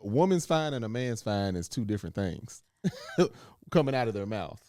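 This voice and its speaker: A man's voice: fairly low pitch, normal speed, darkish tone, no echo, clean studio sound. Laid-back man chatting on a podcast. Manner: laid-back, laughs while acting out quotes. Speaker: podcast co-host. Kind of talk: casual chat.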